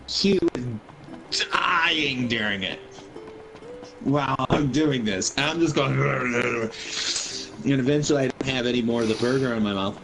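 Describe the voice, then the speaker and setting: A man's voice: mid-range voice, gravelly, poor audio. A man in his twenties, a gaming streamer, telling a rambling, profane story over his gameplay.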